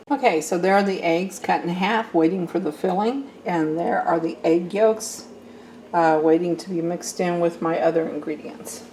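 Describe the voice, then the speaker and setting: A woman's voice: on the low side, a little mellow, a little hiss or hum, poor audio. An older woman from Missouri chatting casually to her camera at home, homely and friendly with her viewers. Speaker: vlogger. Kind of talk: casual vlog chat to camera. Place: home kitchen. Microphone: handheld camera.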